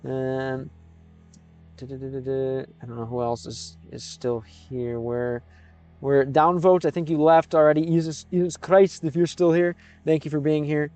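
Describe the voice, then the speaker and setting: Man slowly sounding out Russian words. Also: a little high, fairly even intonation, warm tone, clear, resonant tone, faint music behind. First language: English. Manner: sounds out Russian words haltingly, thinking aloud. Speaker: streamer. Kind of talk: casual live-stream chat.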